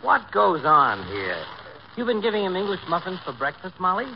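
An actor playing a sharp-tongued, huffy small-town doctor trading acid put-downs, in 1940s radio comedy acting. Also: male voice, sits high, huge pitch swings, moderate pace, vocal fry, highs cut off, full character voice. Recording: hissy old radio broadcast recording.

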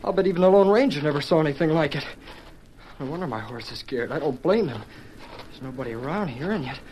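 An actor playing an eager, excitable teenage rider who talks to himself and his horse, in 1940s radio acting style. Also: on the high side, fast, natural voice. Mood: wary. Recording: crackly vintage radio recording.

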